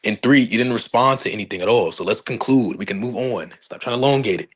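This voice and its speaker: A man debating over a phone mic, combative and insulting while insisting he is calm. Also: fairly low pitch, fast talker, husky. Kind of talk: heated online debate.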